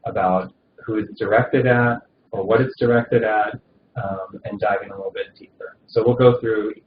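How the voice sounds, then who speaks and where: A man's voice: fairly low pitch, fairly even intonation, normal speed. A man teaching a recorded session on palliative care, talking conversationally with many fillers and restarts. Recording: dull roomy recording with faint noise.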